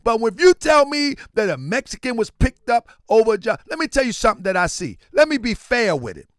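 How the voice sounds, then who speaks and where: A man hosting a show and giving a casual commentary monologue. He tells stories in an animated way and keeps saying "man". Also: extremely high pitch, fairly quick, dry recording, studio quality. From Baltimore. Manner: animated storyteller, repeats "man" often. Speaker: show host.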